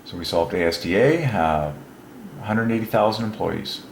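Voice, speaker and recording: A man with a fairly low voice hosts his own video channel in an excited solo monologue. He rambles, exclaims and chuckles between phrases. The recording is roomy and echoey, with a faint hum of ambience behind him. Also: normal speed, gravelly.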